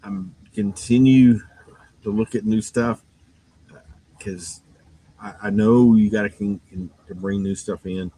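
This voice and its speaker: A man's voice: lowish voice, steady tone, a little slow, long pauses, warm tone, breathy edge, rough recording. A man who runs a game store, giving a rambling, casual shop update full of fillers and restarts and sounding a bit tired. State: yawning, tired.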